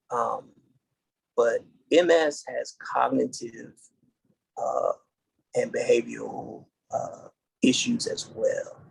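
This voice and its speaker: A middle-aged man from the United States, a podcast guest, telling his story in an earnest, halting way and restarting dates as he goes. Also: medium pitch, creaky, breathy edge, poor audio. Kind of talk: casual interview storytelling.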